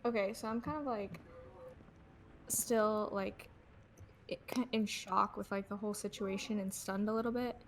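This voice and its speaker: A woman's voice: mid-range voice, fairly even intonation, normal speed, long pauses, a little hiss or hum. A young woman describing her character's actions in a tabletop game over a call, hesitant with many fillers. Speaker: player.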